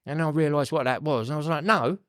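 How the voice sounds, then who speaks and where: A man's voice: fairly high pitch, steady tone, rapid-fire, clear, resonant tone, no echo, studio quality. A middle-aged man, a podcast guest telling his own story candidly, swearing freely and saying "you know" a lot.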